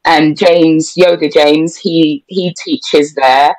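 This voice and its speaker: A woman's voice: low voice, fairly even intonation, takes it slowly, a little mellow, no echo, low-quality recording. A young woman, a dance instructor and guest on a podcast, speaking in a laid-back, giggly way with lots of hesitations. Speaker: pole and twerk instructor, guest. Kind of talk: casual interview chat.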